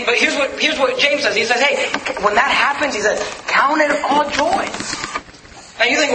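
A man's voice: extremely high pitch, fast talker, crowd noise. A male pastor preaching a sermon in a conversational way, full of rhetorical questions and casual asides. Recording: echoey room with faint ambience.

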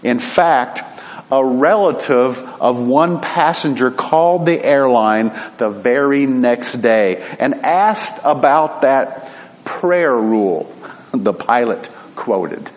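A male preacher delivers a sermon at an unhurried pace, telling a story in an earnest, deliberate way. His mid-range voice carries a long reverb, as if spoken in a large hall. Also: medium pitch.

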